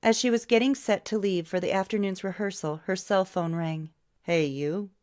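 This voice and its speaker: A woman's voice: medium pitch, brisk, darkish tone. A woman narrating a novel as an audiobook, reading all the characters' lines herself. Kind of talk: scripted narration.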